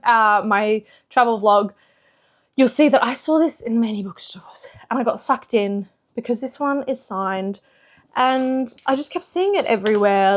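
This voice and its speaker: A woman book vlogger in casual chat, chatty and animated with lots of fillers. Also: fairly high pitch, moderate pace. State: slightly out of breath.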